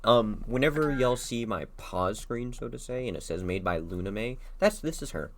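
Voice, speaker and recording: A man's voice: mid-range voice, lively intonation, moderate pace. A young man from Texas, a streamer chatting casually and asking joking interview questions while he plays a game. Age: young adult. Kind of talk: casual chat while gaming.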